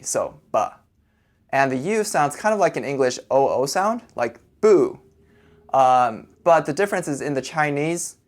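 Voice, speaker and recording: A man leads a language lesson at a measured, friendly pace. He breaks words into their sounds, stretches out each syllable and says it again for the listener to copy. His pitch sits in an ordinary middle range, neither high nor low. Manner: patient, sounds out syllables slowly and repeats them. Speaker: language teacher.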